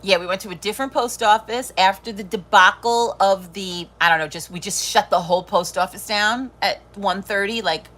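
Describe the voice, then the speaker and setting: Bright-voiced, foul-mouthed woman host. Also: mid-range voice, normal speed, hardly any pauses. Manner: blunt, swears freely, laughs often. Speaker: livestream host. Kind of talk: casual live-stream chat.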